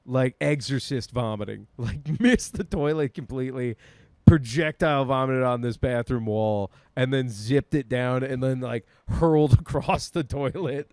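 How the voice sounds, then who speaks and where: A man's voice: mid-range voice, measured pace, darkish tone, no echo. A young man co-hosting a podcast, telling a comic story, laughing through his lines, loose and profane. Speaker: podcast co-host.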